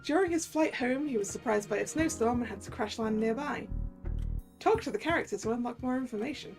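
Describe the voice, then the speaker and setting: A woman's voice: on the high side, expressive, fairly quick, darkish tone, soft background music. A woman streamer commenting casually on a game, chatty and giggly, poking fun at herself. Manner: chatty, giggly, self-mocking.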